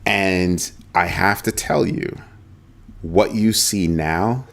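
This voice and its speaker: Deep-voiced man hosting a casual livestream. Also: slow pace, vocal fry. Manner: animated, talks straight to viewers, repeats phrases. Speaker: host of a crypto livestream.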